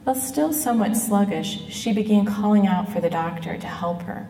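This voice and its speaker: A middle-aged woman giving an earnest personal testimony, speaking in a measured way and slowing down on quoted words. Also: fairly low pitch, mellow. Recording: echoey hall, mic at a distance.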